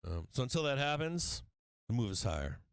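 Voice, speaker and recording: A man's voice: medium pitch, very animated, brisk, clear, resonant tone, dry recording. A man hosting a stock market livestream, talking casually and bluntly, swearing often and laughing a lot. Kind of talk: casual trading livestream talk.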